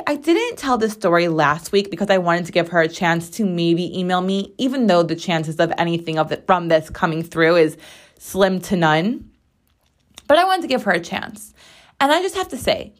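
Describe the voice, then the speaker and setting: A young woman hosting a weekly show, telling a story in a casual, animated and sarcastic way, full of rambling asides. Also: fairly low pitch, moderate pace. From United States. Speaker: podcast host.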